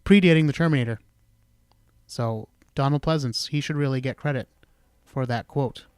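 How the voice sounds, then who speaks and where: A man hosting a podcast, talking in a relaxed, chatty way with casual swearing. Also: medium pitch, normal speed, clear, resonant tone, no room sound, clean studio sound. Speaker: podcast host.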